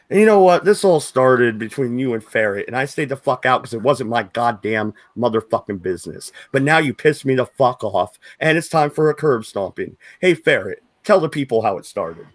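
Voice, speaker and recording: A man's voice: medium pitch, lively intonation, moderate pace, hardly any pauses, no echo. A man hosting a livestream, in a profane, mocking, confrontational rant. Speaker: stream host.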